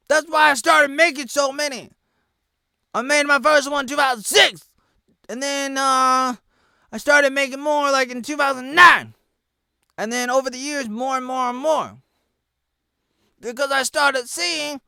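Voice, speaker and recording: A man in his thirties from the United States delivering an erratic ranting monologue, dropping to low mutters and then yelling. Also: moderate pace, no echo. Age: 30s. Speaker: vlogger.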